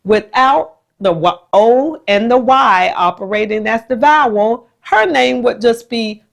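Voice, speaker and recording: A woman who is a special education teacher, explaining a phonics technique to the camera in a patient, measured way. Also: creaky. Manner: slow, warm and patient, with lively jumps in pitch when acting out the classroom.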